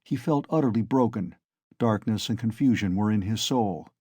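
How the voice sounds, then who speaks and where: A man reading a classic novel aloud as an audiobook narrator, measured and steady. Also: fairly low pitch, no echo, clean studio sound.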